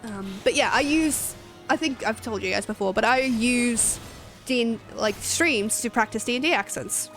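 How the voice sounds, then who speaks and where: A woman's voice: fairly high pitch, moderate pace, a bit bright, soft background music. A woman streamer rambling in casual chat during a game stream, chatty and self-deprecating.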